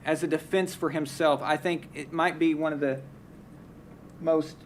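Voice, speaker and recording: A sports talk show host speaks unhurriedly in a fairly high voice with fairly even intonation, a little hiss or hum in the background. He's running a casual live stream, sharing blunt, heated views and restarting sentences often.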